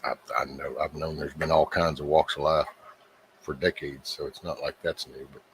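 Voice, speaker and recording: A middle-aged man hosting a livestream, rambling casually to his viewers with frequent swearing and halting restarts. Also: very deep voice, little pitch movement, a bit bright, a little hiss or hum. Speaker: livestream host.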